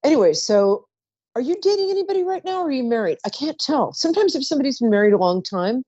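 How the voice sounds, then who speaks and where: A woman's voice: high voice, big pitch swings, fast talker, breathy edge, no echo. Woman, psychic radio host, chatty, trails off, dull dry lo-fi sound. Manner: chatty, warm-toned asides, trails off mid-sentence. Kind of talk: live call-in psychic reading.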